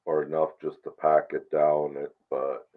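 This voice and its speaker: Deep, slow-talking man on a tinny call. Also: flat delivery. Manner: short agreeing replies, laid-back. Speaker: guest on the stream. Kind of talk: casual chat. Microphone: video call.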